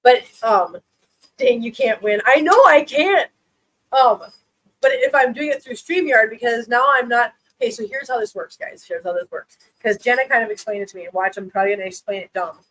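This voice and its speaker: A woman's voice: fairly high pitch, a little fast, a bit bright, poor audio. A woman hosting a casual live stream who chats with viewers, laughs often and coos baby talk at her cats.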